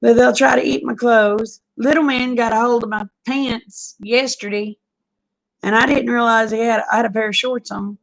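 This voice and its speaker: A woman, chatting casually with viewers on a livestream, folksy and quick to laugh. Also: a little high, steady tone, gravelly, low-quality recording. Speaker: livestream host.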